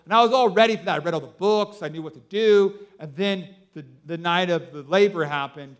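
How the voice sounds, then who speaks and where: A man in his thirties preaching a sermon, telling stories excitedly with lots of fillers like "like" and "you know". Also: high-pitched, fairly quick, hardly any pauses, clear, resonant tone. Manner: excitable storytelling with many fillers. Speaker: pastor.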